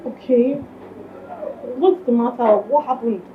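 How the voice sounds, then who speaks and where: A woman's voice: on the high side, measured pace, phone-quality sound, a little hiss or hum, lightly acted. An actress playing a protective, suspicious female friend with a Nigerian accent, in a film drama. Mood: shocked. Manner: questioning, exclaiming.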